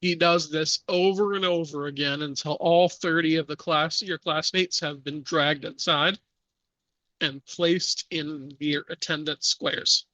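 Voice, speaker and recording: A man narrating as game master of a tabletop horror game, measured with frequent fillers. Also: on the high side, fairly even intonation, pushed and bright, no room sound.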